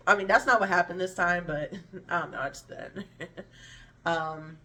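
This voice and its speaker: A woman's voice: lowish voice, steady tone, fairly quick, a bit bright, far from the mic. Frank woman, mic set back. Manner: frank, meandering, profane, trailing off and restarting. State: hungry, slurring words a little. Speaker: vlogger. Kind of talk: candid personal storytelling to camera.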